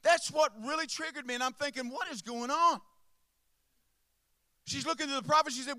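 A man preaches to a congregation in a very high-pitched voice at a moderate pace, with long pauses, shifting from hushed asides to impassioned shouts. He calls out to listeners by name, and there is no echo.

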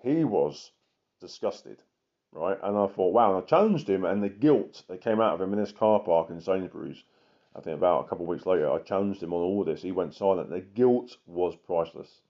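A man's voice: sits low, lively intonation, a little fast. A man, an evangelist giving an impassioned sermon full of emphatic repetition. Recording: muffled lo-fi recording.

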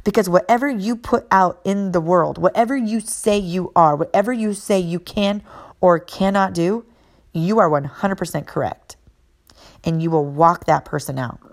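A woman's voice: lowish voice, normal speed. Earnest motivational woman storyteller. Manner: earnest, emphatic, repeats key phrases. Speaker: mother and fitness and mindset coach.

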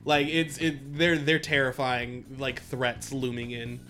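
Animated bright-voiced podcast host. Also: male voice, medium pitch, unhurried, soft background music. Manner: animated, laughs often, quotes anime lines. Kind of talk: casual chat.

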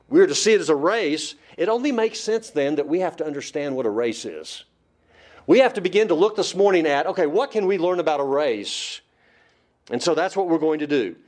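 A man preaching a sermon, emphatic and asking the congregation rhetorical questions. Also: on the high side. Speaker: pastor.

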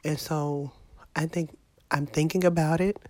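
A woman's voice: deep voice, fairly even intonation, measured pace, darkish tone, no echo. Sick, exasperated woman venting to viewers. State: sick with a sinus infection. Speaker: vlogger. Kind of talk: casual vlog monologue.

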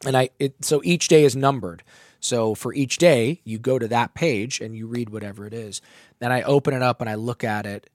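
A man's voice: mid-range voice, normal speed, dry recording, studio quality. A man telling a candid personal story, emotional and full of swearing. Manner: emotional, profane, animated storytelling.

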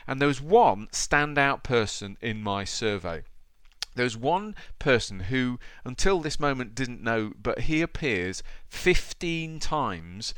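A man hosting a podcast with upbeat, animated energy. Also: mid-range voice, takes it slowly, smooth, dry recording. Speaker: podcast host.

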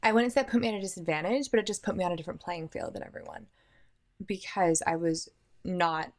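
A woman's voice: on the low side, quick pace. A woman, chatting as an interview guest, talking freely about her career with ums and light laughter. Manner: chatty and self-aware, with frequent ums and laughs. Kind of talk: casual conversational interview.

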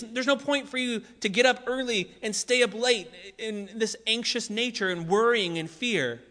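A man with a high, bright voice preaching a sermon. He talks in a relaxed, conversational way, repeating short phrases for emphasis. His voice rings out in a long hall reverb. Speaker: pastor.

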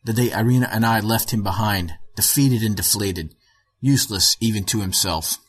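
A middle-aged man narrating a short story in a measured, even way with a husky voice. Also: on the low side. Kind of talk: audiobook narration.

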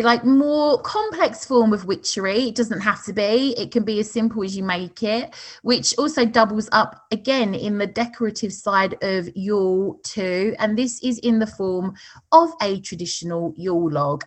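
A woman co-hosting a podcast in casual chat, chatty with frequent laughs and fillers. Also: medium pitch. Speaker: podcast co-host.

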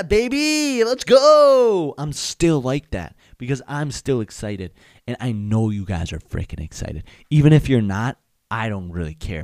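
A man's voice: low voice, vocal fry, a little mellow, no echo, studio quality. A young man hosting a podcast, rambling through a casual comedic monologue, hyped up and swapping silly words in for swears. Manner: hyped, rambling, self-censoring with silly substitutes. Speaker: podcast host.

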